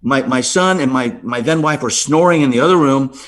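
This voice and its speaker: A middle-aged man, a podcast guest, telling a story with lively swings in pitch and frequent "right?" asides. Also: a little fast.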